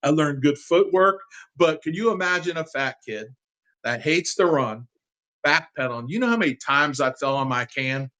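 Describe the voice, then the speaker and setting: Animated, heartfelt man telling stories. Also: on the high side, moderate pace, rough recording. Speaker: sports fan guest. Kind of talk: casual interview storytelling.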